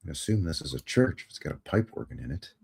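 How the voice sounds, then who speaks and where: A man's voice: very deep voice, big pitch swings, fast talker, gravelly, breathy edge. A man hosting a live show who comments casually on photos, with a wry and joking manner that turns easily to amazement. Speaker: host.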